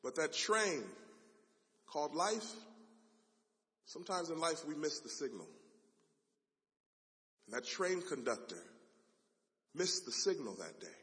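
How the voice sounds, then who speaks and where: A man preaching a sermon as a dramatic story, swinging from loud passages to hushed ones. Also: a little high, animated, slow pace, pauses often. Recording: long hall reverb.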